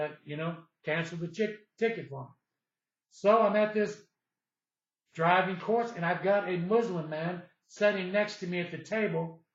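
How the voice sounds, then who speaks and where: A man's voice: high voice, echoey room, dull audio. A middle-aged man telling a personal story in a rambling monologue, meandering and restarting often with fillers. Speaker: storyteller recounting personal experiences.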